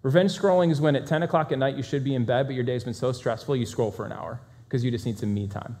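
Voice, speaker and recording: A man giving a talk to a live audience, energetic and fast-talking, with self-deprecating humor. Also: mid-range voice. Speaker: speaker.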